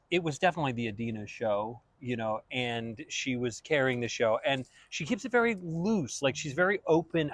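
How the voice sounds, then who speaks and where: A man's voice: mid-range voice, no room sound. A man, a guest, telling a backstage anecdote in casual chat and acting out the quotes. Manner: animated storyteller, acts out quotes.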